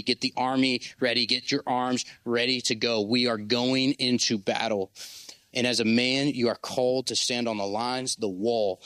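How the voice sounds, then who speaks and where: An impassioned young man delivers a sermon in a middle-pitched voice, urging his listeners on and leading them in call-and-response. The recording is dry and close, with no room echo. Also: fairly bright tone. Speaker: pastor.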